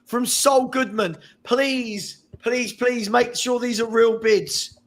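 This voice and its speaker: A man hosting a charity livestream auction, joking and laughing as he slowly calls out bids. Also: extremely high pitch, steady tone, fairly bright tone. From England. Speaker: charity stream host running an auction. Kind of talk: casual livestream chat, auctioneering.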